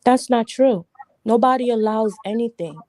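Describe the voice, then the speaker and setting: A woman's voice: fairly high pitch, normal speed, dark tone, no room sound, clean studio sound. A woman from Jamaica arguing her point emphatically on a livestream panel discussion, repeating lines for stress.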